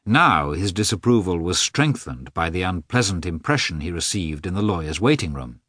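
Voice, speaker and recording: Man, audiobook narration, low voice, very animated, dry close recording. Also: moderate pace, husky, no echo. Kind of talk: scripted narration.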